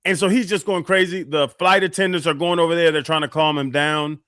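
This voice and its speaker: A man's voice: a little high, brisk, no echo, clean studio sound. A man co-hosting a sports radio show, telling a story casually and acting out the quotes. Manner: animated storyteller, acts out quotes.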